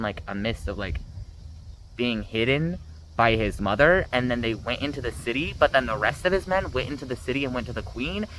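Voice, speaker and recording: A man's voice: mid-range voice, fairly bright tone, a little hiss or hum, rough recording. A man giving a casual, rambling book review rant, sarcastic and full of fillers.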